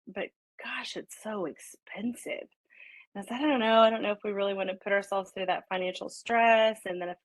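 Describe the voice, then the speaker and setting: A woman's voice: mid-range voice, dry recording, low-quality recording. A middle-aged woman, a college professor, telling the story of her road to a doctorate and acting out her own and her husband's words. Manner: animated retelling, quoting herself and her husband. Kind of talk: personal storytelling.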